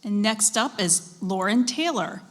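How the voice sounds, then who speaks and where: A woman serving as pronouncer at a spelling bee, reading out words and dictionary definitions in a measured, deliberate way and prompting contestants politely. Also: medium pitch, lively intonation, fairly bright tone. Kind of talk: formal competition announcing. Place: school event hall.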